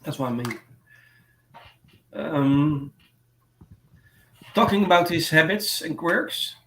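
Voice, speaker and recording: Reading from notes and leaning on plenty of fillers, a hesitant host whose first language is Dutch chats casually on a livestream. He speaks slowly and expressively in a slightly high, somewhat bright voice, the room echoey and faintly noisy.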